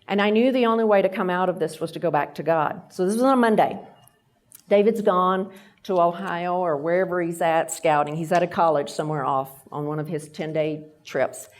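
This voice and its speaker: A middle-aged woman from Texas with a Texan accent, giving a faith-based leadership talk at a lunch event and telling stories while acting out the voices. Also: on the low side. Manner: storytelling, acting out quoted voices. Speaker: guest speaker.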